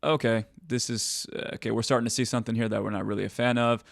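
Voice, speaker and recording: A man's voice: medium pitch, steady tone, fast talker, gravelly, no room sound, studio quality. A man hosting an interview, asking long, rambling questions full of fillers. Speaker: podcast host.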